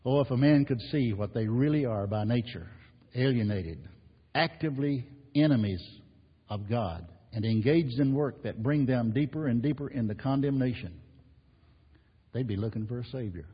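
A husky, breathy male preacher delivers an emphatic sermon that surges and drops. His voice rings out in a long hall reverb, and the recording is muffled. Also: mid-range voice, lively intonation, normal speed. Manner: emphatic preaching, rising and falling with repetition. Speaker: pastor.

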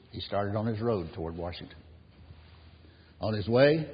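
Low-voiced preacher in an echoey hall. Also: male voice, breathy edge. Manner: unhurried, dropping to a hushed close at the end of phrases. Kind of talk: sermon with storytelling. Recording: echoey hall, dull lo-fi sound, faint hiss.

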